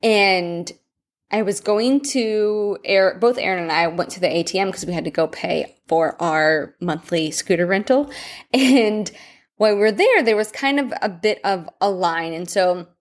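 Woman, nutrition coach and podcast host, middle pitch, rambling and conversational storytelling. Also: expressive, measured pace. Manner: chatty, meandering storyteller.

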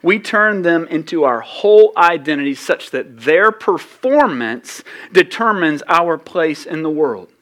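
Animated preacher, fairly high voice. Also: male voice, a little slow, hardly any pauses. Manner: conversational, animated preaching with sudden loud peaks and drops. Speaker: pastor. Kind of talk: sermon.

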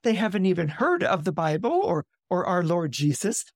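A man's voice: high-pitched, sing-song, normal speed, no echo, studio quality, full character voice. A man voicing a prim, pious female missionary who talks eagerly and emphatically in a story retelling. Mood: zealous.

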